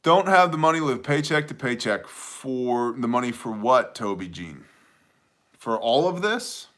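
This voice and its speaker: A man's voice: mid-range voice, animated, a little slow, fairly bright tone. A man in his thirties hosting a casual livestream, reading viewer comments aloud and answering them with dry jokes. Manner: joking, conversational, reads chat aloud. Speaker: livestream host answering chat. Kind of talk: casual live chat.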